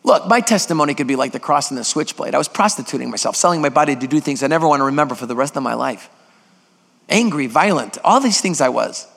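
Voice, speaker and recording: A man's voice: a little high, animated, fast talker, gravelly, fairly bright tone. A man preaching a sermon as a guest preacher, emphatic and putting questions to the congregation, in a church sanctuary. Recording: long hall reverb.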